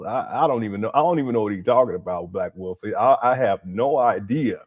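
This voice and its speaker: A man's voice: fairly low pitch, fairly quick. A man hosting a casual live stream, reacting to a clip with incredulous, laughing commentary. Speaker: livestream host.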